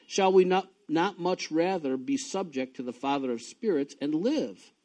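Man, pastor, sermon, lively pitch, slightly high voice, reads scripture between stories. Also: normal speed. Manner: animated, swings from low and quiet to high and loud when excited; reads scripture aloud between personal asides.

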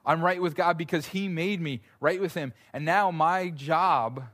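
A man in his thirties preaching a sermon, telling stories in an animated way and repeating words as he builds a point. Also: on the high side, measured pace. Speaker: pastor.

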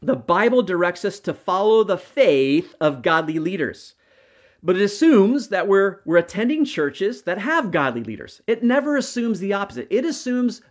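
A middle-aged man preaching a sermon as a pastor, earnest, often restarting and checking in with "right?". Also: high-pitched.

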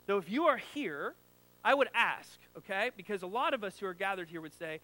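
A man's voice: sits high, animated, fairly quick, sharp tone, low-quality recording. A man preaching a sermon as a pastor, in a conversational, joking style, full of rhetorical questions to the congregation.

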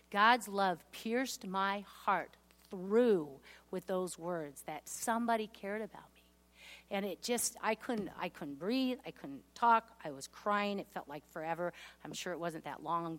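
Earnest woman sharing her testimony. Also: a bit bright. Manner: earnest and heartfelt, voice dropping low on painful memories. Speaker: speaker giving a personal testimony. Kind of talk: testimony sermon with scripture readings.

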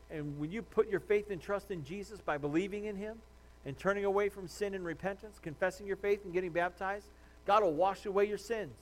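A pastor delivering a sermon in a conversational way, repeating words and acting out little dialogues, slowing down to stress his main points. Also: high-pitched. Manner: conversational preaching with restarts and acted-out dialogue.

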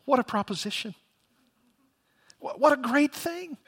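A man's voice: very high-pitched, animated, unhurried, a bit bright, husky. A man preaching a sermon as pastor, earnest and emphatic, with rhetorical questions to the congregation.

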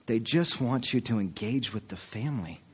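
A man's voice: medium pitch, expressive, moderate pace, slightly rough. Earnest man preaching a sermon. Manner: earnest, addresses the congregation as folks. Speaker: pastor.

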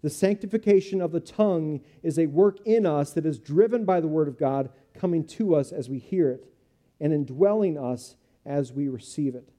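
A pastor preaching a sermon to his church and closing in prayer, speaking earnestly in short, measured phrases. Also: fairly high pitch, dark tone.

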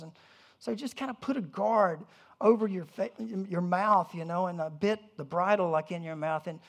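A pastor giving a conversational sermon, animated, with humorous asides and frequent restarts. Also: mid-range voice, moderate pace.

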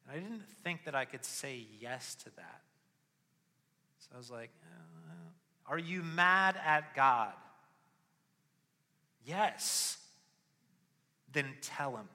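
A young adult man preaching a sermon with personal testimony, moving from quiet reflection to loud, impassioned pleading. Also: medium pitch, very animated, slow pace, pauses often. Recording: long hall reverb.

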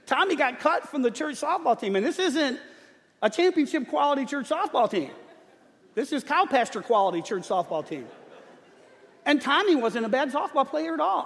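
A middle-aged man preaching a sermon, telling a humorous story in an animated way. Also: extremely high pitch. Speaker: pastor. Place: church sanctuary. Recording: long church hall reverb.

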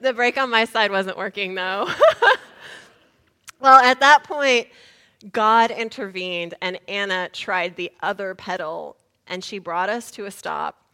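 A woman preacher, telling a lively story in a sermon and shouting the lines she retells. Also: mid-range voice, measured pace.

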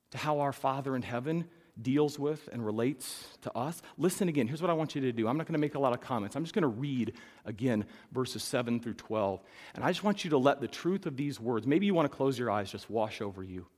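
A middle-aged man, a pastor preaching a sermon, who climbs to loud emphatic peaks and then drops to soft, reflective storytelling. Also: mid-range voice. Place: church sanctuary. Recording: long reverb of a hall.

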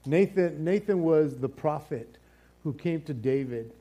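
A man's voice: fairly high pitch, animated, unhurried, dark tone, highs cut off. A man teaching a casual Bible study, rambling with many fillers and repeated words, sometimes playfully acting out the figures he describes. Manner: acts out quoted exchanges playfully.

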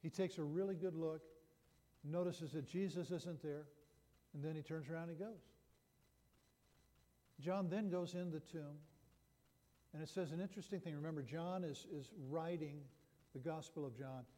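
A man's voice: a little high, normal speed, long pauses, dark tone. A man preaching a sermon that retells a Bible story, talking in a conversational way with frequent restarts. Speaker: pastor. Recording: long hall reverb.

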